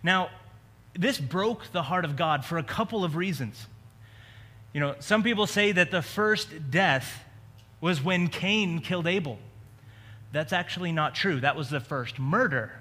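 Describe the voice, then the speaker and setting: A man's voice: a little high, lively intonation, unhurried, sharp tone. A man preaching a sermon as a pastor, talking in a conversational way with joking asides. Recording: long reverb of a large hall.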